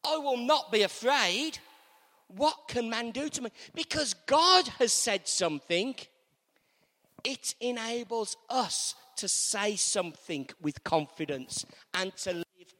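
Animated preacher in a reverberant church. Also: male voice, very high voice. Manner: animated, repetitive call-and-response with congregation. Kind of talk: sermon.

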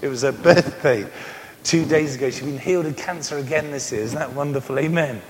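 A man's voice: mid-range voice, a little fast. A man in his sixties preaching a sermon, joking and telling stories between repeated amens. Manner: animated, joking storyteller with many amens. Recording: reverberant hall with faint noise.

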